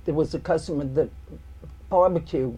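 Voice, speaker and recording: A woman's voice: low voice, moderate pace, breathy edge. A woman guest in casual chat, telling workplace stories and acting out the people in them. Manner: animated storyteller, acts out customers and coworkers.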